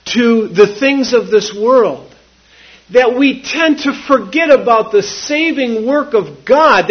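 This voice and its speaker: Male preacher, husky voice with a lively sweeping delivery, dull lo-fi recording. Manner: slow, emphatic preaching with sweeping pitch and repeated phrases. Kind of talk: sermon.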